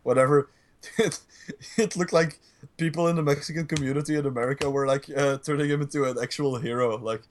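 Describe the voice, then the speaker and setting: A man's voice: on the high side, steady tone, brisk, a little hiss or hum. A man co-hosting a casual podcast chat, ranting in a rambling, profane way. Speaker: podcast co-host.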